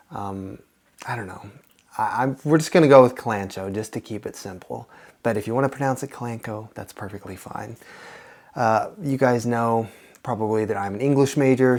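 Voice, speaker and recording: A man's voice: lowish voice, darkish tone. A young man hosting a casual plant-care vlog, talking in a rambling, friendly way with lots of fillers and restarts. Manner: chatty, rambling, lots of fillers and self-corrections. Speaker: plant channel host.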